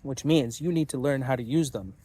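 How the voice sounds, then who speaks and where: A man's voice: mid-range voice, fairly quick, warm tone, breathy edge. Guy ranting at his viewers, swears a lot, blunt and pushy, just talking casually. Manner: profane, blunt and combative. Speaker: channel host.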